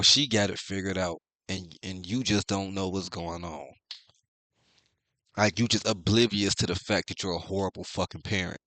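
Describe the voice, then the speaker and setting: A man with a very low voice talks through a comic chapter in a loose, casual way. He reads the panels aloud and breaks off into blunt, profane reactions. The sound is close and dry. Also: moderate pace, dry recording. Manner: blunt, profane, excitable commentary. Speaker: manga reviewer.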